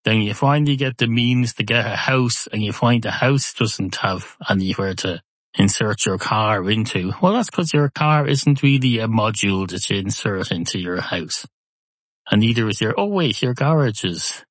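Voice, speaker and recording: A man's voice: lowish voice, lively intonation, moderate pace, fairly bright tone, no room sound. Man, middle-aged, rambling comic podcast monologue, dry close sound. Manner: rambling, self-interrupting, wry. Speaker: podcast host.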